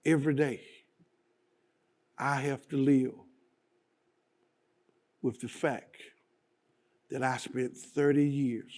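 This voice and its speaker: A man giving a slow, solemn and prayerful personal testimony. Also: mid-range voice, darkish tone. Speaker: guest speaker.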